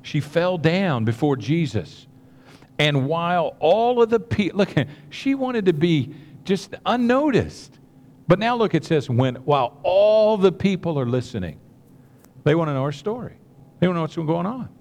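A man preaching a sermon, telling a Bible story with animated energy and acting out the voices. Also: on the high side, measured pace. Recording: long hall reverb.

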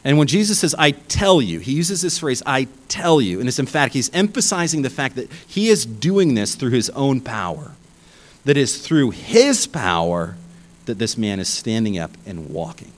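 A man preaching a sermon, emphatic and animated, often restarting his phrases. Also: mid-range voice, normal speed, low-quality recording. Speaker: pastor.

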